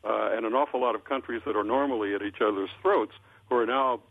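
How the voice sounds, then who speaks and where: An older man speaks on a tinny phone line, his voice a bit husky. He sounds like a columnist giving political commentary, measured and unhurried, with frequent uhs and restarts between thoughts. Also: medium pitch.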